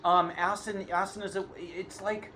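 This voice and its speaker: A man's voice: high voice, flat delivery, moderate pace, sharp tone, a little hiss or hum. A man co-hosting a podcast in casual chat, arguing his point and repeating himself, with jokey asides. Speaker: podcast co-host. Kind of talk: casual chat about motorcycle racing.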